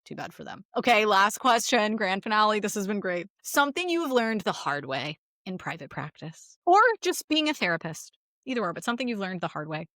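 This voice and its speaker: A woman's voice: medium pitch, sing-song, brisk, a bit bright, no echo, clean studio sound. A woman therapist co-hosting a podcast in casual chat, talking bluntly and animatedly, acting out quoted voices.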